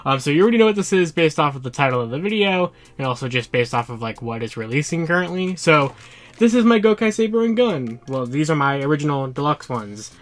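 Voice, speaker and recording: Excitable, breathless toy unboxing vlogger. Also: male voice, on the high side, quick pace. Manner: excitable, chatty, laughs often. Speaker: toy collector YouTuber. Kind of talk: casual unboxing vlog.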